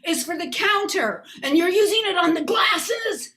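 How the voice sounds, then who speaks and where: A woman playing a petty, fussy boyfriend who scolds in a shrill, indignant voice. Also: expressive, unhurried, pushed and bright, exaggerated voice. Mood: scolding. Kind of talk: stand-up comedy.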